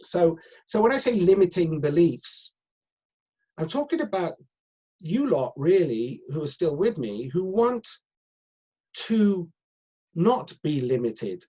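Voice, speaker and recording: A man's voice: fairly high pitch, very animated, takes it slowly, pauses often, dark tone, breathy edge, rough recording. A middle-aged man, an acting coach talking on a video call, rambling with many fillers and restarts. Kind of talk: live video chat coaching session.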